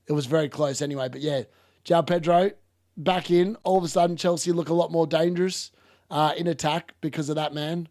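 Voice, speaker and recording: Man, high voice, chatty live football reaction, excitable. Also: brisk. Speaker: watchalong host. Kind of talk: live football watchalong commentary.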